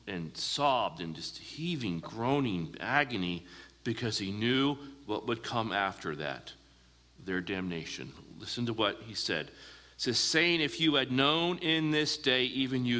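A pastor delivers a sermon in a large hall, earnestly posing questions to his listeners and slowing down for emphasis. His voice is medium in pitch with a sharp tone.

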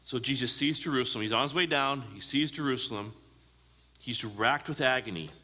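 A man preaching a sermon as a pastor, earnest, asking the listeners questions and slowing down for emphasis. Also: medium pitch, pushed and bright, big-room sound.

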